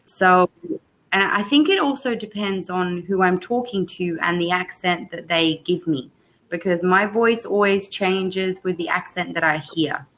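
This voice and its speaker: A woman with a British accent tinged by Australian and South African sounds, chatting casually as an English tutor on a video call, telling stories with lively laughter. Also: fairly low pitch, measured pace, poor audio. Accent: British blended with Australian and South African. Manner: chatty, laughing, animated storyteller. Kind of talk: casual chat.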